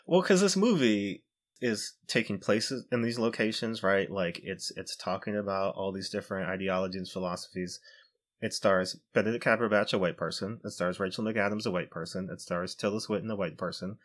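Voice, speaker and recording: A man's voice: fairly low pitch, fairly quick, fairly bright tone. A man hosting a casual podcast discussion, building his points steadily and checking in with "right?".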